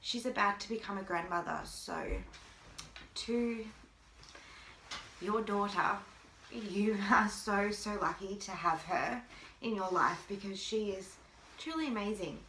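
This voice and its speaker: A mother talking to camera in a halting way, with long pauses, holding back tears. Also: mid-range voice, bright, forceful tone, a little hiss or hum. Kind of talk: personal video appeal. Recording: echoey room.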